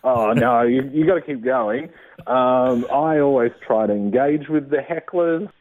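A man, a stand-up comedian chatting in an interview, self-mocking and quick to laugh. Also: mid-range voice. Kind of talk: casual interview answers. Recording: tinny phone-line sound.

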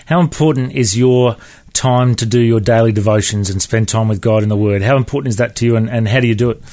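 A man's voice: medium pitch, a little mellow. A man hosting a Christian radio interview show, asking questions and affirming his guest. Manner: quick, affirming listener.

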